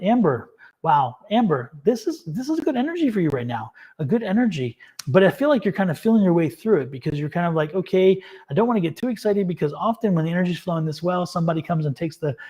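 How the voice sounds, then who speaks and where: A man with a somewhat high voice reads tarot cards live for his viewers. He is excitable and laughs often. He cheers each person on with affirmations. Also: lo-fi sound. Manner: encouraging, affirming. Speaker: tarot reader hosting a live stream. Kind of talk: live-stream tarot reading.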